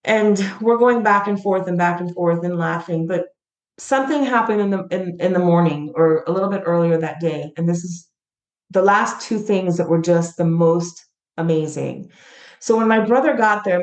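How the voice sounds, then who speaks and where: A woman's voice: on the low side, normal speed. Middle-aged woman guest, earnest and emotional, recorded in a roomy space. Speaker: guest, founder of a gratitude platform. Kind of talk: heartfelt storytelling in an interview.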